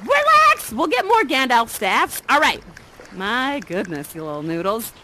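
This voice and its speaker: A doting, mischievous exiled mother sorceress in live interactive theater. Her voice sits high and bright, leaping wildly in pitch as she coaxes and teases with playful drama. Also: very animated, measured pace, a little hiss or hum, exaggerated voice. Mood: playful coaxing. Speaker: immersive theater actor.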